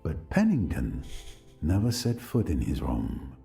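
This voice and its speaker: A man voicing a fastidious older Belgian detective in a video game, formal and courteous as he questions people. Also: a bass voice, huge pitch swings, creaky, mellow, soft background music, exaggerated voice.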